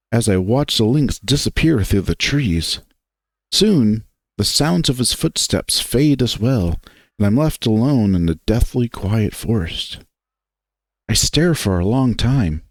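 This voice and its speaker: A man reading a visual novel aloud in first-person narration, unhurried and expressive. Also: medium pitch, no room sound.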